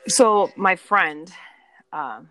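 A woman's voice: on the low side, very slow, faint music behind, rough recording. Chatty woman telling stories. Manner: animated storyteller, acts out quoted friends. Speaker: podcast guest. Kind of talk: casual chat.

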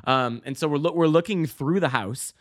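Rambling man swearing through a podcast story. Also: normal speed. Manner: rambling, many fillers and restarts, swearing; bursts into loud high-pitched exclamations when acting out scenes. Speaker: podcast host. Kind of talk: casual storytelling monologue.

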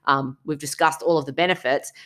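A woman's voice: sits low, steady tone, brisk, fairly bright tone. A young woman co-hosting a podcast, talking bluntly and emphatically and swearing freely in casual chat. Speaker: podcast co-host.

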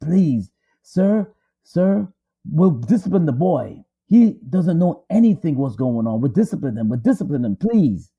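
A man's voice: fairly high pitch, big pitch swings, measured pace, warm tone, breathy edge, highs cut off, full character voice. A man voicing a frightened older uncle who humbly pleads with armed intruders. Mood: pleading. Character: older uncle, deferential and afraid.

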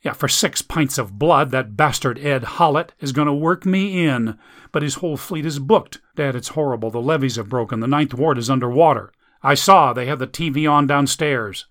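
A man's voice: medium pitch, moderate pace, fairly bright tone, natural voice. A man voicing a sarcastic, exasperated adult daughter.

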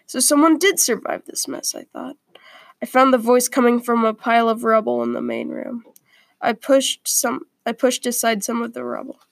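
A woman reads a first-person story aloud in a quiet, earnest way, now and then stumbling over a word. Her voice sits a little high and carries a gravelly fry. The sound is dry and close, with no room echo. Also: lively intonation, normal speed.

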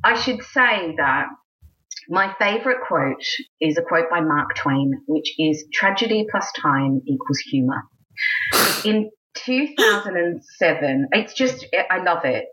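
A woman's voice: lowish voice, unhurried, dull audio. A woman in her forties from Australia, a burlesque singer and host, telling stories in a casual interview with lots of restarts. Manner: chatty, lively storyteller, many restarts, acts out quotes.

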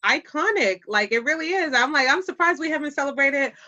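A woman, telling stories in casual podcast chat, animated and slangy, often laughing. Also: sits high, brisk, dull audio. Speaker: podcast guest, public speaker.

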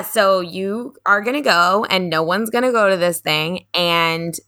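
Woman co-host, casual candid chat, vivid storyteller who swears freely, bright tone, dry sound. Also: medium pitch, no room sound. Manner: animated storytelling, quotes others, swears, laughs often. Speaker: podcast co-host.

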